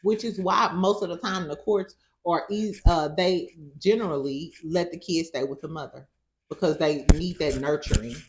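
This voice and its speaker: A woman's voice: lowish voice, moderate pace, a little hiss or hum. A woman with a St. hosting a casual recap of a reality show, sassy and profane, laughing often. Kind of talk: casual reaction commentary.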